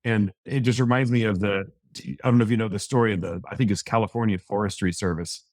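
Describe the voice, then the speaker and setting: A man's voice: on the low side, fairly even intonation, quick pace, no echo, studio quality. A man on a panel discussion telling anecdotes from his work. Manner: anecdotal, storytelling.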